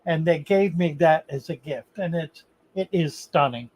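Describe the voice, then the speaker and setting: A man's voice: fairly high pitch, a little slow, darkish tone, rough recording. An older man hosting a casual livestream, giving rambling, folksy advice on fishkeeping. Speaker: livestream host, fishkeeping expert.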